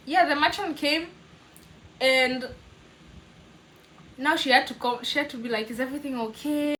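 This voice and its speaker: A young Kenyan woman tells a story to her vlog camera in a lively, animated way. Her voice sits a little high, and she laughs often and drops in Swahili words. A faint hiss runs under the recording. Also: poor audio. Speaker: vlogger.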